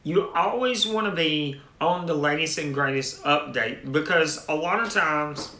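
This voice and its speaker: A man's voice: a little high, unhurried, pushed and bright, reverberant. A man hosting a tech channel in casual live-stream chat, rambling with restarted phrases as he answers viewer comments.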